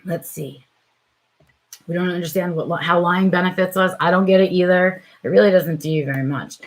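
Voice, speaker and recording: A middle-aged woman hosts a vlog live stream, speaking with viewers in a low-leaning, fairly even, brisk voice. She's reflective and hesitant, filling her talk with lots of "um"s and "right?"s.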